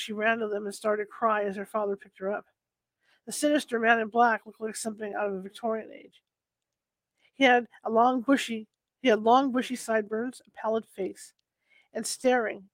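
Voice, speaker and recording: A man reading ghost stories aloud at a steady pace, now and then stumbling and correcting himself. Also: sits high, no echo, low-quality recording. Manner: steady reading with occasional slips and self-corrections. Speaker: storyteller.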